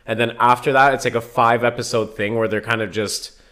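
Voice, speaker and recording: A young man in casual chat, telling animated, profane stories and slipping into impressions. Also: medium pitch, brisk.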